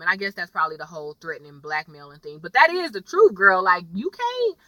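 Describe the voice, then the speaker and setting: Chatty bright-voiced woman recapping TV. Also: mid-range voice, big pitch swings, brisk, no echo, distant mic, poor audio. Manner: chatty storytelling, slangy. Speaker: TV episode reviewer. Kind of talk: casual TV recap vlog.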